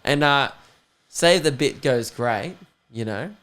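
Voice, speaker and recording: A man's voice: medium pitch, slow. A young adult man with an Australian accent, hosting a podcast, telling stories in casual chat with lots of laughing and swearing. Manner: swearing, laughing, animated storytelling. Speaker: podcast host.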